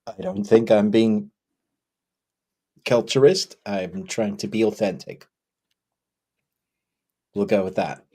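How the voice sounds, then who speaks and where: Husky-voiced laid-back stream co-host man. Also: on the low side, steady tone, takes it slowly, long pauses, darkish tone. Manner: laid-back, joking, chuckles often. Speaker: co-host of a movie chat stream. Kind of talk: casual live-stream chat.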